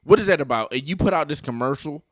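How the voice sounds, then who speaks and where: Animated male vlog commentator, dry sound. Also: on the high side, fast, dry recording. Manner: animated, laughs often, talks back at clips.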